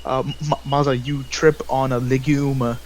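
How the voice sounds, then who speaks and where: A man narrates scenes as the game master, mid-pitched and plain-voiced. He stumbles, repeats words and fills pauses as he goes. Steady noise runs under the recording. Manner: halting, many restarts and fillers. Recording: noisy home recording.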